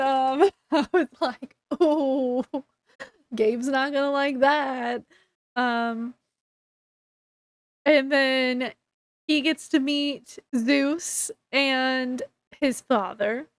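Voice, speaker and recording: Woman book reviewer, high, unhurried voice, chatty recap, dry close sound. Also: dry recording. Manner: chatty, retells scenes with quoted dialogue.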